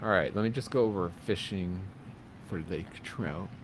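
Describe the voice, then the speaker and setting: A man's voice: deep voice, moderate pace, slight background noise. A man co-hosting a podcast, chatting casually in a playful, joking way. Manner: playful, joking, laughs easily. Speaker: podcast co-host. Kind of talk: casual chat.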